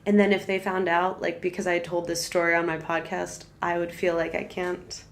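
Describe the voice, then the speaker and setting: A woman's voice: lowish voice, little pitch movement, moderate pace. A woman of twenty-four in casual podcast chat, candid and talkative with lots of fillers. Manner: candid, chatty, filler-heavy. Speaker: podcast guest.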